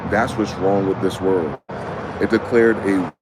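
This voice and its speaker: A man with a fairly low voice delivers a heated vlog monologue, reading passages aloud and then cutting in with profane, confrontational questions. His tone is angry throughout. Faint vehicle noise sits behind him. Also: measured pace. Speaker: vlogger.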